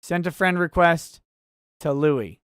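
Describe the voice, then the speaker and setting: A man's voice: on the high side, expressive, takes it slowly, a bit bright, clean tone, no room sound, studio quality. Wry, rambling male stream host. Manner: rambling, easily sidetracked, wry. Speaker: livestream host reading chat. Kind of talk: casual livestream chat.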